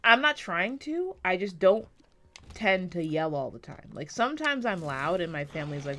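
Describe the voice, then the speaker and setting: A woman giving casual, rambling commentary while playing a video game, self-deprecating and swearing often, swinging between quiet and loud, on a close desk mic. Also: mid-range voice, big pitch swings, normal speed, slight background noise. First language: English. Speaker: gaming YouTuber.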